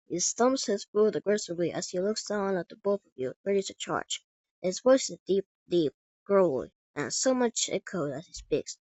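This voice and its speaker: A woman's voice: medium pitch, expressive, normal speed, no room sound. A woman improvising a fan story as narrator, stumbling and restarting often. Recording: dull dry lo-fi recording.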